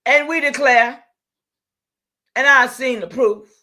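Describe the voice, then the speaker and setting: A middle-aged woman, hosting a livestream and preaching to her viewers, excitable and calling out to them, breaking into shouts. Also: sits high, slow. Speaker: livestream host. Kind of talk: impassioned livestream talk.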